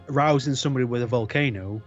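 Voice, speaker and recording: A man with a middle-pitched voice, teasing the others with drawn-out questions over a video call. His dull, lo-fi audio sits over faint music. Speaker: podcast co-host. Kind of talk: casual banter among friends.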